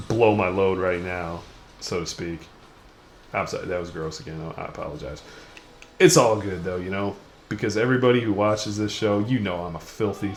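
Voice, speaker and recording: A young man hosting a gaming video, rambling through crude, self-mocking commentary while he plays. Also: deep voice. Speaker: gaming channel host. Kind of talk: casual let's-play commentary. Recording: echoey room with faint noise.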